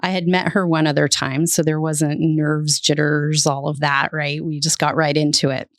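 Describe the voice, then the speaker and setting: A woman's voice: sits low, flat delivery, normal speed, no room sound, clean studio sound. A middle-aged woman, a public relations executive, vividly telling a story as a podcast guest.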